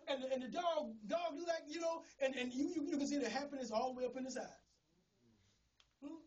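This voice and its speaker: A middle-aged pastor preaching a sermon in a folksy, storytelling way, often repeating words. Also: male voice, extremely high pitch, recorded from a distance. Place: church.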